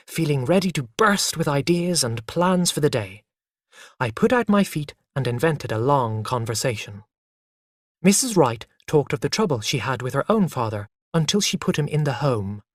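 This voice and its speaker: A storybook narrator reads clearly, and the pitch rises and falls freely. The recording is dry and close-miked. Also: no room sound. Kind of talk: storybook narration for English learners.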